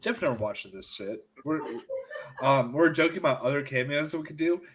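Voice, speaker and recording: Guy hosting a podcast, jokey and rambly, bright voice that bounces around. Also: fairly high pitch, expressive, brisk, breathy edge. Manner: joking, loose, rambling. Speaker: podcast host. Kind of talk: casual group chat.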